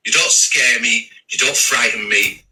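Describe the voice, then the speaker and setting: A man's voice: medium pitch, a little slow, pushed and bright, recorded from a distance, poor audio. A man ranting on a livestream, trading insults, swearing hard and stumbling over his words. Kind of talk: heated livestream rant. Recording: voice a bit off-mic.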